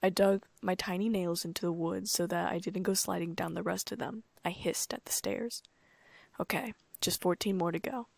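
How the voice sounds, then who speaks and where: A woman narrating a first-person audiobook in a calm, even storytelling manner. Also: fairly low pitch, creaky, no echo.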